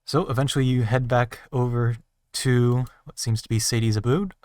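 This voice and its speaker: A man narrating a tabletop role-playing game as game master, pausing often with ums and uhs. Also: medium pitch, flat delivery, a little mellow, clean tone, dry recording, far from the mic. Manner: halting, many ums and uhs.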